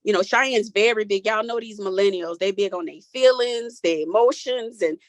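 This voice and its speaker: Speaking at a moderate pace in a medium-pitched voice, a woman in her forties tells her own story as a guest in a group conversation. She's open, casual and a little Southern-sounding, her voice cracking while she holds back tears. The clip has no echo.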